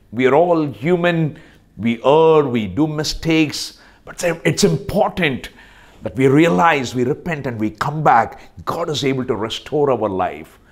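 A man preaching a sermon as pastor, with big swings in pitch and loudness. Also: roomy sound, in a large hall.

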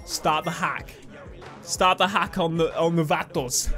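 A young man giving excitable, swearing let's play commentary over a video game. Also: a little high, measured pace, faint music behind. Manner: excitable, swearing, laughing at his own jokes. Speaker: gaming YouTuber. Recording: game gunfire and sounds behind.

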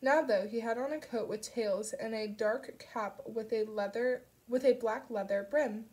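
A woman reading an audiobook aloud, narrating a dark story with soft shifts for the characters. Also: a little high, measured pace. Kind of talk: scripted narration.

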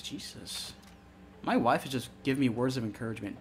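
Faint music sits behind a young man's mid-range voice as he talks fairly quickly through a horror game he's playing. His casual commentary comes loaded with swearing, and he's excitable enough to yelp at every scare.

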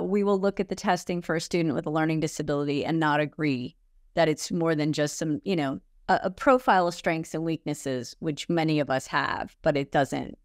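A woman's voice: low voice, dry recording, clean studio sound. A woman guest speaking as an expert on college disability services, explaining things conversationally with frequent fillers and self-corrections. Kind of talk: conversational interview.

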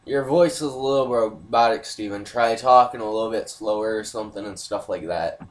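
A man's voice: on the low side, a little fast. A man hosting a game playthrough video, chatting loosely with plenty of swearing and apologies. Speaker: gaming channel host. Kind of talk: casual gameplay commentary.

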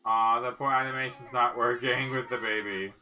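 A woman's voice: extremely low pitch, fairly even intonation, normal speed, pushed and bright. A woman giving casual let's-play commentary, chatty and cooing at the game characters. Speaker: gaming channel host.

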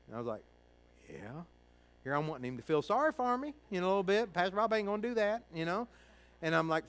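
A middle-aged pastor from Kentucky delivers a sermon, recounting a personal story in a folksy manner while acting out other people's voices and shifting between hushed and loud delivery. His mid-range voice is expressive and quick, and the audio quality is poor.

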